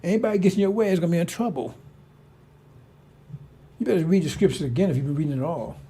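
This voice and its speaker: A fast-talking middle-aged man with a fairly high, mellow, husky voice gives an offhand sermon-style monologue as a religious commentator. He's blunt and profane, circling back to the same points as he rambles.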